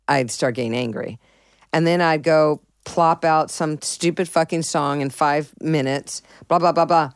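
A middle-aged woman musician, a guest in an interview, tells rambling, profane stories full of restarts and fillers. Her voice sits low, with a clear, resonant tone. The recording is dry and clean, studio quality.

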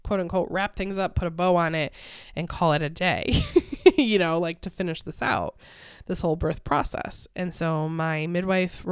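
A woman's voice: on the low side, fairly even intonation, normal speed, smooth, no room sound, studio quality. A young adult woman hosting a podcast, telling a personal story casually with lots of fillers and frequent laughs. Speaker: podcast host.

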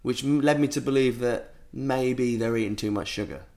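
A man's voice: medium pitch, moderate pace, darkish tone. Crude, jokey man. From England. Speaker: musician guest. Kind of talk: casual chat.

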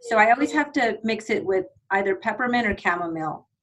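A woman from Texas, a speech pathologist, chatting as a podcast guest in a relaxed, friendly way. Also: mid-range voice, a little fast, low-quality recording. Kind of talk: casual chat.

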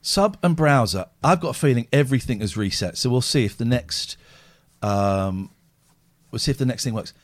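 Lively man hosting a stream. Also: medium pitch, moderate pace. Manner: animated, acts out voices in anecdotes. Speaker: livestream host. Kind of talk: casual chat.

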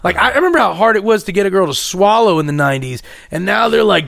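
A man's voice: animated, quick pace, gravelly, a bit bright. A man co-hosting a podcast, telling profane stories in casual chat and acting out what others said. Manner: profane, storytelling, acts out quotes in lowered voice. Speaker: co-host. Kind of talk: casual crude podcast banter.

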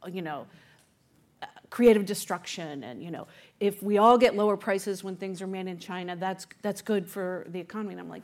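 Woman telling a reporting story, animated. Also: mid-range voice, normal speed. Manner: animated storyteller, acts out quoted voices, many fillers. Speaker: author and journalist, guest. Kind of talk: conversational storytelling interview.

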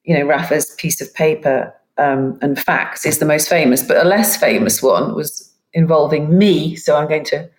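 A woman's voice: low voice, moderate pace, hardly any pauses, reverberant. A woman talking casually about football as a podcast panelist, with a dry, wry manner.

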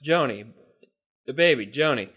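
A man's voice: mid-range voice, animated, normal speed, a bit bright, husky. A young man co-hosting a podcast in casual chat, playful and joking. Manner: joking, playful, jumps between voices. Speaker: podcast co-host.

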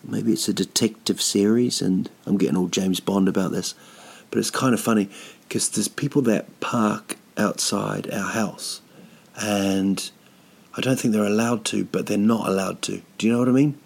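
A man's voice: lowish voice, vocal fry, darkish tone. A man, a touring comedian, talking at home in a casual, rambling monologue, hesitant with many ums and dry self-mocking humour. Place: at home, sitting indoors.

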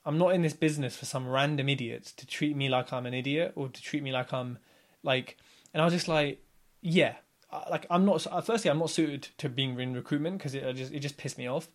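A man's voice: medium pitch, brisk. A man in his thirties chatting casually as a podcast guest, telling stories and acting out other people's lines. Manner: animated storyteller, acts out others' lines.

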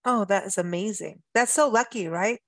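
A woman host, talking in a loose, chatty way and laughing often between thoughts. Her voice is mid-pitched, and the sound is dry and close to the mic, with no room around it. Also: normal speed, fairly bright tone, dry recording. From South Africa. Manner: chatty, laughing, with playful asides. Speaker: radio show host. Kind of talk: casual chat.

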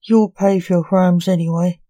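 A woman's voice: fairly low pitch, fairly even intonation, moderate pace, warm tone, no echo, close to an everyday voice. Grim knight executioner, read by a woman. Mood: stern. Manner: grim, commanding. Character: stern male knight, harsh executioner. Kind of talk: storybook reading.

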